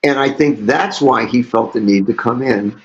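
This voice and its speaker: An older man, a musician guest, telling animated stories in an interview with frequent laughter. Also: mid-range voice, moderate pace. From St. Louis, USA. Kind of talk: storytelling interview. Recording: dull lo-fi audio.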